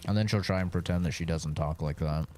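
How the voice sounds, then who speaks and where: A man's voice: sits low, quick pace, a little mellow. A man streaming a game live, chatting casually and trading crude jokes. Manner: crude joking banter. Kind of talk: casual live-stream chat while playing. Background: game music.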